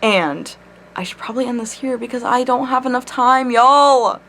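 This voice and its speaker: A woman telling a personal story straight to her camera in a casual vlog, animated and full of swearing. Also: on the high side, moderate pace, slight background noise. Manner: animated, swears a lot, laughs mid-story. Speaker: vlogger. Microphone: camera mic.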